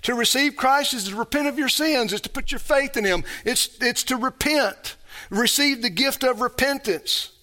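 A man's voice: extremely high pitch, moderate pace, sharp tone. A man preaching a sermon as pastor, emphatic and full of rhetorical questions put to his congregation.

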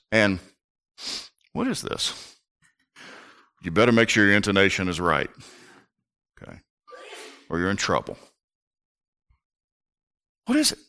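Impassioned preacher man. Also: medium pitch. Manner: impassioned preaching, rising to near-shouts, rhetorical questions. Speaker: pastor. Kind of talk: sermon.

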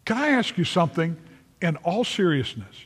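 A man's voice: sits high, big pitch swings, normal speed, fairly bright tone, husky. A man preaching a sermon, earnest and emphatic, repeating phrases for stress and calling on listeners by name. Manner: addresses listeners directly by name. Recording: long reverb of a large hall.

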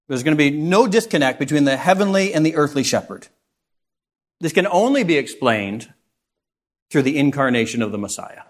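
A man's voice: on the high side, moderate pace. Man teaching a Bible lesson. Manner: expressive teaching with rhetorical questions to the class.

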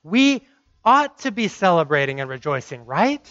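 A man's voice: fairly high pitch, big pitch swings, moderate pace, pushed and bright, no echo, dull audio. A man preaching a sermon, emphatic and driving points home by repeating phrases.

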